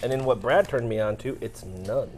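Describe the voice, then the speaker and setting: A man's voice: medium pitch, moderate pace, a little mellow. A man co-hosting a comedy talk show, rambling and repeating himself as he builds jokes. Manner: rambling, repeats words while building a joke. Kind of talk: casual comedic banter.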